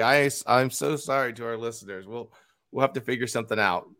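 A man co-hosting a casual political podcast, easygoing and quick to laugh along. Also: medium pitch, fairly bright tone, clear, resonant tone, dry recording, studio quality. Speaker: podcast co-host. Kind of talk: casual political talk show.

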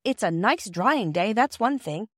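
A woman playing a thoughtful, grown-up-minded girl who speaks gently and a little primly. The voice is dry and close, as in a children's audiobook. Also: medium pitch, expressive, measured pace, no room sound. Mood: earnest. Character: earnest, careful eldest girl.

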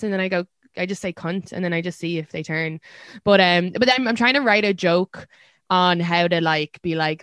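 Irish woman comic, podcast host, animated, dry mic. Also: brisk, dry recording. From Ireland. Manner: animated, acts out quotes in a high voice. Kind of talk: casual chat.

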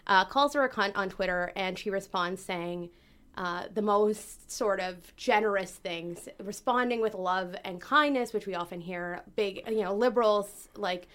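A woman's voice: mid-range voice, normal speed, fairly bright tone. A woman with a slight lisp, chatting on a podcast as a co-host candidate and telling a story in a blunt, heated way, swearing freely.

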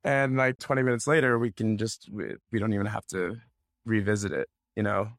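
A man's voice: fairly low pitch, fairly quick, no room sound, studio quality. A young man from the United States, a bridge player answering interview questions in a loose, candid way with plenty of fillers and restarts.

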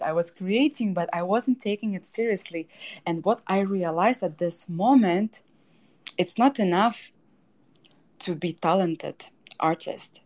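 Low-voiced woman telling a personal story. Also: darkish tone. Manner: emotional storytelling, fillers and restarts. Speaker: guest artist. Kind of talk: personal story in a podcast interview.

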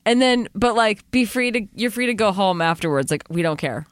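A woman's voice: medium pitch, lively intonation, a little fast, no echo, studio quality. Sarcastic woman recapping a movie. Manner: sarcastic, recaps plot with mock quotes. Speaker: podcast co-host. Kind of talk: casual movie recap chat.

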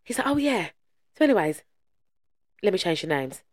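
Lively, animated woman co-host. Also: on the low side, normal speed, no echo. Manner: animated storyteller who swears freely. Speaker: podcast co-host. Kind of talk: casual chat.

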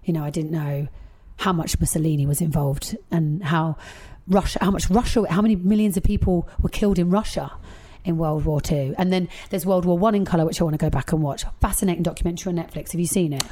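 A woman, a guest chatting casually and telling lively stories with quick asides. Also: on the low side. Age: 30s. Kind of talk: casual chat.

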